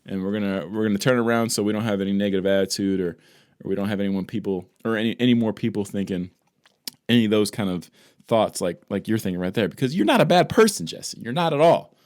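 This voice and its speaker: A man co-hosting a podcast, speaking in an easygoing, supportive way with halting "uh" fillers. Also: lowish voice, darkish tone, no echo, studio quality. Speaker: podcast co-host. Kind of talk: casual chat.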